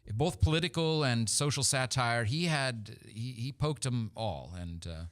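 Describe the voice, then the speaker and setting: A man, a theater company guest on a radio show, talking chattily with many pauses, fillers and laughs. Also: mid-range voice, animated. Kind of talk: casual interview chat.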